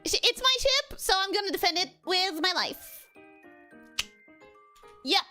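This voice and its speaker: A woman streaming a video game, talking casually and excitably with frequent swearing. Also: very high-pitched, a little slow, pauses often, soft background music. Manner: excitable, animated, swears freely. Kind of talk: casual game livestream commentary.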